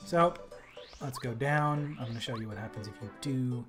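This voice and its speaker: A man's voice: medium pitch, normal speed. Offhand man commenting on gameplay. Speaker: let's play host. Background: game music.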